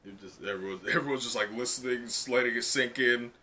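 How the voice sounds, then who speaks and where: A man reacting live to a comic chapter in casual, excited talk full of "like" and laughs. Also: mid-range voice, fast. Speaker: manga reaction streamer.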